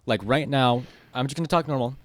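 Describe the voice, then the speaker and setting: A young man from the American South who has no Southern accent talks in a relaxed, musing way on a casual podcast. His voice sits at a middle pitch and he leans on fillers as he thinks aloud. The sound is dry and close-miked. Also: fairly quick, no echo. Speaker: podcast co-host. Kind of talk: casual chat.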